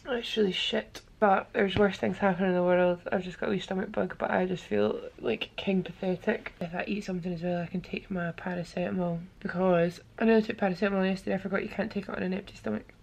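A woman's voice: medium pitch, steady tone, fast talker, gravelly, hardly any pauses, darkish tone. A young woman vlogging to camera from a hotel room, chatty and candid while she feels unwell. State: feeling unwell. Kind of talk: casual vlog talking to camera.

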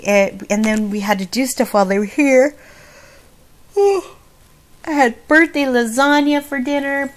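Bubbly, gushing woman vlogger. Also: medium pitch. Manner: bubbly, gushing, laughs often. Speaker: craft vlogger. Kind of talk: casual chat.

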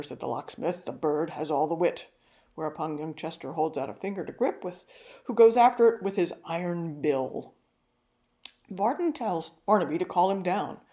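An older woman giving a carefully read, measured talk on a novel. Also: sits low, dark tone. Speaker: literary talk presenter.

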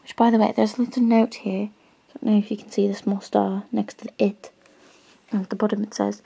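A woman gently reading a storybook aloud in a soft-spoken ASMR style, dropping into whispers at times. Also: mid-range voice, fairly even intonation, brisk, gravelly, slightly rough, poor audio. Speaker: ASMR reader.

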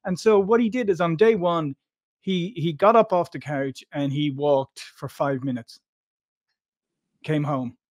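A man's voice: fairly high pitch, a little slow, no echo, studio quality. Rambling man hosting a podcast. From Ireland. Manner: rambling, with many fillers and restarts. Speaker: podcast host. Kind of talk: conversational interview.

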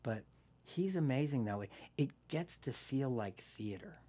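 A man's voice: mid-range voice, unhurried. A man in his sixties, an actor as guest, telling anecdotes in a casual interview, swearing freely and acting out quoted lines. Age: 60s. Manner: animated storyteller, swears freely, acts out quotes.

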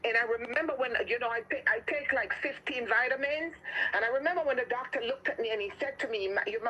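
A woman's voice: a little high, fast talker, pushed and bright, a little hiss or hum, low-quality recording. Fervent Jamaican woman giving testimony. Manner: fervent, repetitive, rising into commanding prayer. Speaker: guest sharing testimony. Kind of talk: testimony and healing prayer.

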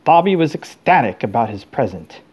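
A man reading a novel aloud to his children at a steady pace. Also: medium pitch, normal speed, breathy edge.

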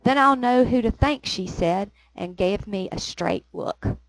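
A woman's voice: mid-range voice, lively intonation, measured pace, no room sound, rough recording. A woman voicing a gossiping Cockney woman in a pub, chattily retelling a quarrel with "I said" and "she said.". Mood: gossipy.

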